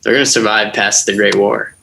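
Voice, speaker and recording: A man's voice: lowish voice, flat delivery, brisk, creaky, sharp tone, a little hiss or hum. A young man co-hosting a podcast, chatting in a laid-back way and saying "dude" and "like" a lot. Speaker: podcast co-host. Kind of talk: casual chat.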